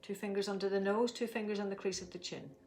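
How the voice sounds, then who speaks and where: A middle-aged woman leading a guided tapping session, giving slow, soothing instructions and stretching out repeated affirmations. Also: medium pitch, fairly even intonation, a little mellow. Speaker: tapping and breathing teacher.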